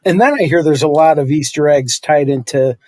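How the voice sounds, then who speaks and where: A middle-aged man with a somewhat high voice rambles through casual podcast chat. He corrects himself as he talks, and his voice sounds dry and close with no room around it. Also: fairly quick, a little mellow, no echo. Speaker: podcast co-host.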